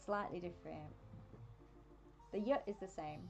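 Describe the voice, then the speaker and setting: A woman's voice: fairly low pitch, a little slow, vocal fry. A woman with an Australian accent chatting casually on a live game stream, easily sidetracked and amused at herself. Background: faint game music.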